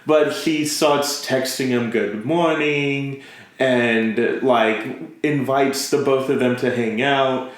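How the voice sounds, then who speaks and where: A man's voice: medium pitch, slow. A man chatting casually about a show he likes, laughing often and acting out the characters' lines. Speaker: podcast co-host. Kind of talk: casual anime review chat. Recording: echoey room.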